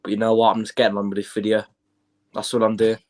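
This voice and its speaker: A man's voice: fairly low pitch, completely flat delivery, quick pace. Laid-back man with hay fever. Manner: laid-back, repetitive, fan talk. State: stuffy with hay fever and a bug. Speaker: co-host of a football stream. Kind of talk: casual chat.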